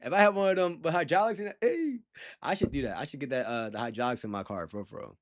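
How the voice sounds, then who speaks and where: A man's voice: a little high, quick pace. Rambling young man chatting on a livestream. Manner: rambling and animated, heavy slang, frequent laughs. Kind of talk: casual livestream chat.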